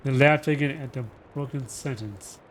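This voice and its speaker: A man reads a novel aloud for a livestream audience. He takes it slowly and dramatically, pushing some words and dropping others. His voice sits in a middle pitch. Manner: dramatic, slow with shifting emphasis. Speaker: reader.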